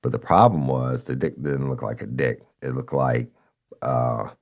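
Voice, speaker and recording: A man's voice: rumbling low, unhurried, vocal fry. A man, a former police officer casually telling a story from his patrol days in a conversational way. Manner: conversational, addresses listeners as y'all, animated retelling.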